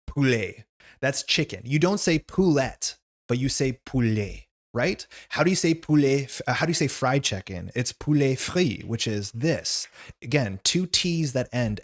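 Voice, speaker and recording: A young man chatting casually on a livestream, reading chat questions aloud and rambling with lots of "like". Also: mid-range voice. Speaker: streamer host reading chat.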